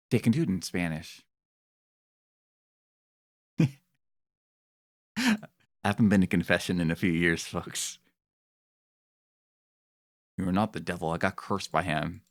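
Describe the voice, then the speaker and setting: A male streamer chats casually into a desk mic while he plays a game. His usual voice sits low. He turns excitable quickly, and his voice leaps up high when something amuses or surprises him.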